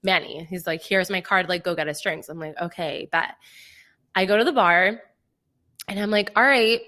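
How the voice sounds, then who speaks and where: A young woman co-hosting a podcast, telling a story in an animated way, acting out quoted dialogue and saying "like" a lot. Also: fairly low pitch, moderate pace. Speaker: podcast co-host. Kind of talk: casual chat.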